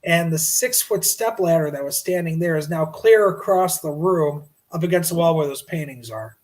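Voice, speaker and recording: A middle-aged man telling a paranormal story as a podcast guest, lively and animated, acting out his own shouts. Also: fairly high pitch, moderate pace, poor audio.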